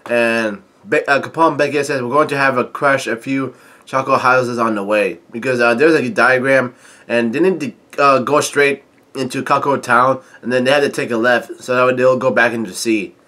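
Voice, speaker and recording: Male vlogger with a bright, forceful voice, casually recapping a comic chapter in a stop-start way and reading quotes fairly flat. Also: medium pitch. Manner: halting, stop-start delivery with frequent filler sounds; reads quoted lines in a mostly flat voice. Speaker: manga chapter reviewer.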